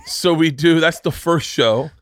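A man's voice: on the high side, measured pace, no echo. A man hosting a podcast, telling stories in a casual comedic way, swearing often and acting out the people he quotes. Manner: animated, profane, acts out quoted voices. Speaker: podcast host.

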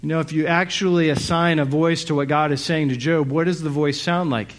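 A man's voice: fairly high pitch, steady tone, a little fast. Man preaching a reflective sermon. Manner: reflective, many rhetorical questions and fillers. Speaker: pastor.

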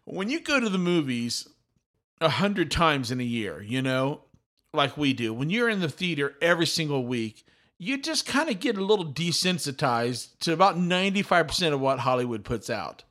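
A middle-aged man hosting a podcast in an animated, talkative way, often repeating and restarting his words. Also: fairly high pitch, normal speed. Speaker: podcast host. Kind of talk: excited casual chat.

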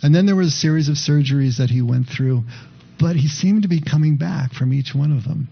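Gravelly, husky man giving a sermon. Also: fairly high pitch, a little fast, muffled recording. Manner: conversational, reflective storytelling with asides to the congregation. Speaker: pastor.

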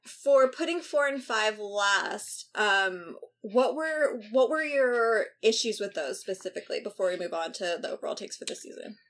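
A woman hosting a casual podcast chat, relaxed and hesitant, with frequent ums. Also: medium pitch, moderate pace, few pauses. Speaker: podcast host.

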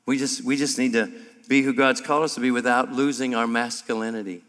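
A pastor delivers a sermon with bright, forceful energy and a humorous streak. He talks to a live room of men, and the sound rings out with a long reverb. His voice sits at a middling pitch for a man. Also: fairly even intonation, fairly quick. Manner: emphatic, humorous, gets louder and higher as he builds. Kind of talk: sermon at a men's breakfast. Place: large room before an audience.

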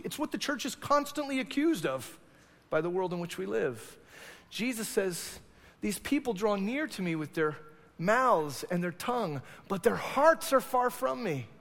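A male pastor preaching a sermon to his congregation, animated and acting out quoted voices. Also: sits high. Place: church sanctuary. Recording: long hall reverb.

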